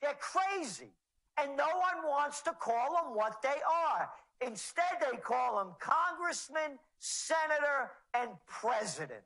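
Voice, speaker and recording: A man's voice: extremely high pitch, big pitch swings, slow pace, bright, forceful tone, poor audio. A man speaking as an interview guest, ranting in a sarcastic way.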